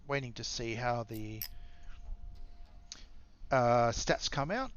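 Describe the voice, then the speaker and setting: An Australian man commentates a strategy game match in an easygoing, rambling way, pausing often with fillers. He speaks at a mid pitch, and his voice comes through a dull, lo-fi microphone. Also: smooth. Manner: rambling, halting, with many fillers. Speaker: esports caster.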